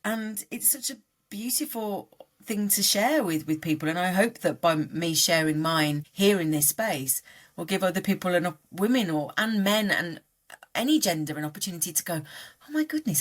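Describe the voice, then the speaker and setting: Casting: middle-aged woman, low voice, lively delivery, open podcast guest. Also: normal speed. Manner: animated, voice jumping up and down in pitch. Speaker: guest coach. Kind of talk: candid podcast conversation.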